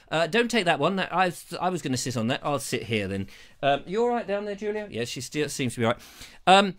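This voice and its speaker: Male host, bright high voice, jokey rambling chat on a lapel mic. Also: big pitch swings, a little fast. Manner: playful, jokey, puts on silly voices. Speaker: live show host. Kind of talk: rambling live-stream chat. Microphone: lavalier.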